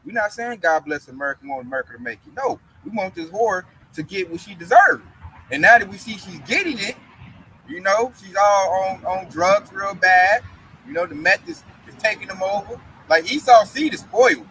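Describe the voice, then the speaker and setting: A man in a casual religious discussion who tells animated stories in colloquial speech and acts out other people's voices. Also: sits high, moderate pace, slight background noise, rough recording. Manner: colloquial, with frequent fillers.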